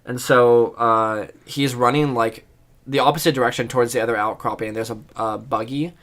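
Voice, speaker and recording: A man's voice: mid-range voice, fairly even intonation, brisk, fairly bright tone. A male podcast co-host with a mid-range voice telling a long story about a game match. He rambles, swears freely and leans on fillers as he goes. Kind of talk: casual chat.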